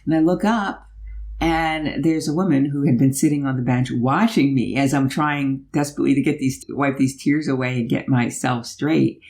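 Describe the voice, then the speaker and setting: A middle-aged woman vlogger tells a personal story while driving on a road trip, chatty and animated. Her voice is bass-deep and she speaks at a moderate pace.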